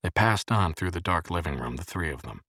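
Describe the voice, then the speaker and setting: A man with a very deep, husky voice reading an audiobook. His delivery is measured yet lively in pitch, and the recording is dry and close. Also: no room sound. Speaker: narrator. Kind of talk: audiobook narration.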